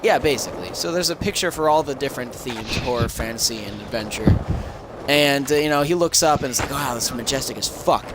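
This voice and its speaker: A man's voice: mid-range voice, fairly quick. A man casually retelling a movie plot on a game stream, rambling and swearing with many fillers. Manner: rambling, profane storytelling with lots of fillers. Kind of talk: casual chat. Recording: crackly audio with background noise.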